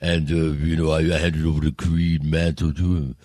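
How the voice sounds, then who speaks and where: Casting: a very low, slurred, mumbling tough-guy drawl, dry sound. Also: little pitch movement, normal speed, mellow, no room sound. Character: gravelly mumbling boxer-actor impression, older man.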